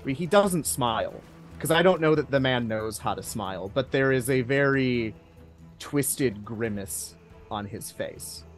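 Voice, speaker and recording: Slow, hushed man narrating as game master. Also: mid-range voice, lively intonation, faint music behind. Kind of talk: narrating a tabletop horror game.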